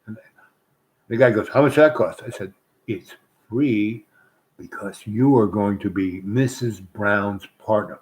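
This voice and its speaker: A man's voice: fairly low pitch, slow pace, a little mellow, low-quality recording. Rambling man telling a loose story. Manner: meandering, with many restarts and asides. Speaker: host.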